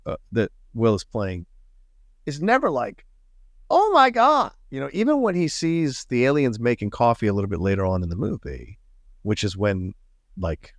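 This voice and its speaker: A middle-aged man chats about movies and poses probing questions, his voice swinging up and down with lively pitch. His sound is dry and close. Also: no room sound. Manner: chatty, asks probing questions. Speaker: podcast co-host. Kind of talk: casual film discussion.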